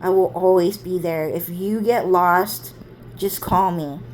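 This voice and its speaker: A woman's voice: on the low side, steady tone, slow pace, a little mellow, a little hiss or hum. A woman voicing her older sister, an emotional young woman who keeps saying "like". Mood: pleading. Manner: emotional, repeats "like" constantly. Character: woman's older sister, volatile, harsh then tearfully loving.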